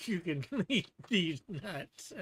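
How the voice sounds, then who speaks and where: A livestream host chats casually with viewers, stumbling over words and restarting as the thoughts come. The voice sits at a middling pitch. Light laughs break up the rambling. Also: expressive, slow pace, husky. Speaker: streamer hosting a guessing game.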